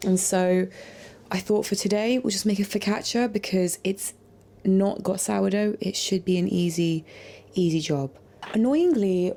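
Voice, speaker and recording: A woman vlogging in her home kitchen, chatting in a rambling way with quiet asides. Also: mid-range voice, gravelly, a little hiss or hum. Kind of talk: casual chat.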